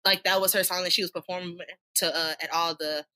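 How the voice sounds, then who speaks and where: Animated woman podcast co-host. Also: lowish voice, fast talker. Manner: animated, slangy, laughs often. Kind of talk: casual chat.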